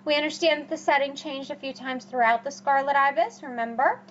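A woman's voice: sits high, a little fast, fairly bright tone. A woman teacher giving a recorded lecture over slides, repeating key points with emphatic rhetorical questions. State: has the hiccups. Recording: dull, lo-fi recording with faint hum.

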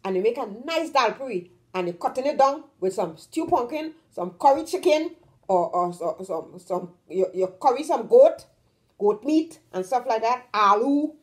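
A woman's voice: on the high side, lively intonation, moderate pace, a little mellow. A woman from Trinidad with a Trinidadian accent, hosting her own vlog in casual talk to the camera. She talks emphatically, stretches out the words she stresses and keeps checking in with her listener. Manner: emphatic, draws out stressed words, keeps asking "you understand?". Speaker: vlog host.

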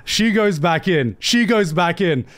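A young man streaming a casual anime rant, excitable and repetitive, swearing often. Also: sits high, unhurried. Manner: excitable, swears a lot, repeats himself. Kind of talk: animated casual ranting.

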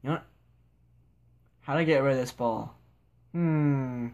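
A young man with a gravelly, mid-pitched voice gives casual commentary while he plays. He rambles goofily, talks to himself and barks at the characters on screen. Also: a little slow, darkish tone, dull audio. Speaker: gameplay video maker.

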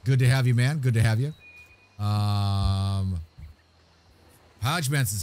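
A man's voice: mid-range voice, a little slow, a little mellow. A man hosting a live game stream, cheerfully greeting viewers and reading chat messages aloud.

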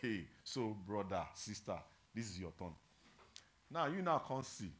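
A pastor teaching a Bible study, humorous and engaging with his congregation, moving between loud emphasis and quiet, earnest reflection. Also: on the low side, takes it slowly, pauses often. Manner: animated, humorous, draws the congregation in with call-and-response.

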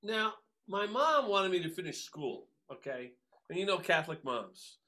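Man from the new york area, bright forceful tone, slightly high voice, chatty animated storytelling. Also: moderate pace. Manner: animated, full of fillers and acted-out quotes. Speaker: guest musician. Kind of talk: casual storytelling.

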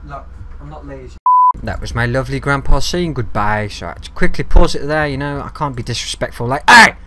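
A man's voice: medium pitch, fairly quick, heavy background noise. Chatty young guy gaming. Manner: chatty, talks to viewers and mobs, swears freely; gets loud and excited when ambushed. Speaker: gaming video host. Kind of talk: casual let's-play commentary.

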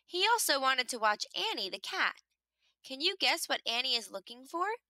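A woman reading a children's picture book aloud in an expressive storytelling manner, making the animal sounds herself. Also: sits high, normal speed, dry recording.

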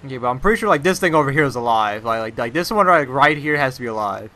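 Jumpy young man with a bright voice. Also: medium pitch, lively intonation, quick pace. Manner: rambling, says "like" constantly, jumpy startled outbursts. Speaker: gameplay commentator. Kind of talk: casual let's-play commentary.

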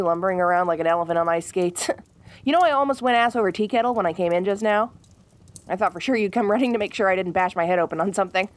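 A young woman in a whispered role-play as a playful, teasing girlfriend who is bossy but affectionate and laughs often. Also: medium pitch.

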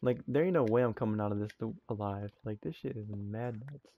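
A young man hosting a gameplay session, telling stories in animated slang and swearing freely. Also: on the low side, brisk. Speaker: let's play host. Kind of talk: casual gameplay chat and storytelling. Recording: muffled lo-fi audio.

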